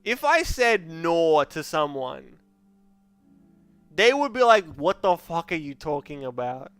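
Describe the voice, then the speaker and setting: A man's voice: a little high, sing-song, slow pace, fairly bright tone, clear, resonant tone, no echo, soft background music. A man with an Australian accent giving rambling, joking gameplay commentary as a streamer, laughing often into a close microphone.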